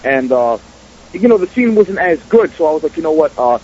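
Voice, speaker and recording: A man's voice: fairly high pitch, very animated, a little fast, darkish tone, husky. A man with a New York-area accent telling stories as a filmmaker guest in a casual interview, profane and streetwise. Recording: dull radio audio.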